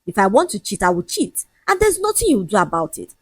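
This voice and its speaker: A scornful young man who brushes off his fiancée and lectures her in a quick, mocking rush, voiced by a woman. The voice sits high and husky. It is recorded close and dry. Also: wildly swooping pitch, no room sound. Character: arrogant cheating young man, dismissive and shameless.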